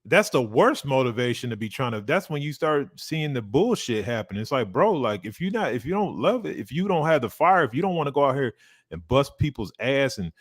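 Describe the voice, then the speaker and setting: A man's voice: medium pitch, brisk, no echo, studio quality. Man chatting boxing, profane and rambling. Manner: animated, profane, rambling with many fillers. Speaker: boxing co-host. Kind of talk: casual live watch-along chat.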